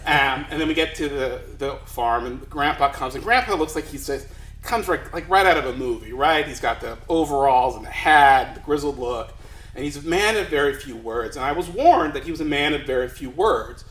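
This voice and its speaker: Male storyteller, self-deprecating, rambling live comic delivery; high-ish bright voice, echoey room. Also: animated, moderate pace. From Los Angeles, USA.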